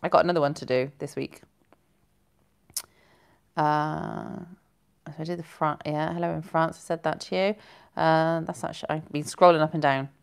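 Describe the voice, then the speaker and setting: Low-voiced chatty woman. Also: fairly even intonation, moderate pace, gravelly, pauses often, clear, resonant tone. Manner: chatty and giggly, rambling with self-corrections. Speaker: live-stream host. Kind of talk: casual live-stream chat reading viewer comments.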